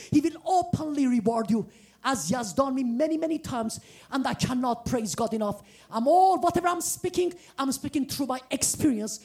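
A woman from the former Soviet Union preaching a testimony sermon, exuberant and earnest, often breaking into shouts and sung phrases. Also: sits high. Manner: earnest, pleading exhortation. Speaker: guest preacher.

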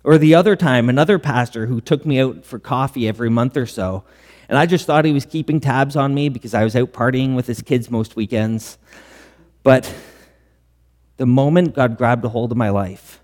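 A man's voice: medium pitch, normal speed, a little mellow. Male pastor preaching in a reverberant hall. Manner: earnest preaching with rhetorical questions. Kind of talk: sermon.

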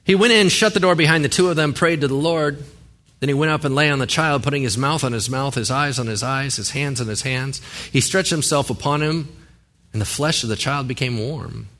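A man's voice: medium pitch, fairly quick, fairly bright tone. A male pastor giving a sermon in a conversational way, with joking asides and rhetorical questions.

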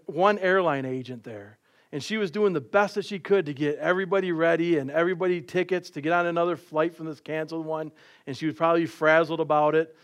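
A man's voice: on the high side, clean tone. A middle-aged man preaching a sermon, telling stories with light laughs and playful quoted voices.

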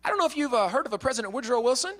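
Man, lively storytelling speaker, high voice, long hall echo. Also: racing. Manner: lively, acts out quotes, repeats words. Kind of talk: animated storytelling lecture.

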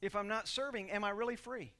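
High, bright-voiced preaching man. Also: fairly even intonation, a little fast. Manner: swings from quiet reading to loud shouted preaching; leads call-and-response with the congregation. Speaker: pastor. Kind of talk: sermon.

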